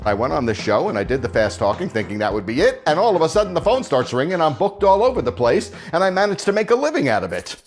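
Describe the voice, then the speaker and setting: A man telling anecdotes about his career as a fast-talking performer, with a rapid, lively delivery and bursts of very fast speech. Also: a little high. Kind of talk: anecdotal storytelling. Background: background music.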